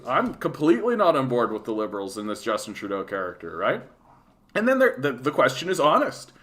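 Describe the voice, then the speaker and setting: A man's voice: mid-range voice, fast talker. A man in his late thirties from Canada with a Canadian accent, ranting casually about politics on his livestream, profane and full of fillers. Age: 30s. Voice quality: profane, animated, lots of fillers.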